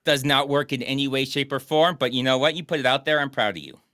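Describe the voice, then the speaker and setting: A man's voice: mid-range voice, fast, bright, forceful tone, no room sound, clean studio sound. A man co-hosting a casual podcast, bantering and joking about a movie. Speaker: podcast co-host. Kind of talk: casual chat.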